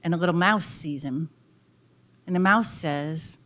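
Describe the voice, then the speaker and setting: Woman, lecturer, expressive storyteller, dramatic delivery, lowish voice. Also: unhurried.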